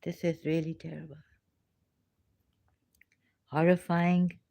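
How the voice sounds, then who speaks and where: Low, slow-talking, hesitant woman. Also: level tone, vocal fry, no room sound. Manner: hesitant, halting, many fillers and restarts. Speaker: livestream host. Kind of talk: casual livestream talk, reading news aloud. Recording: dry, slightly dull lo-fi recording.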